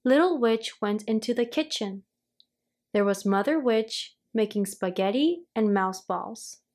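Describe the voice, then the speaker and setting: A woman reading a children's storybook aloud, in a clear storytelling manner. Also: fairly high pitch, animated, unhurried, a little mellow. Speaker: storybook reader.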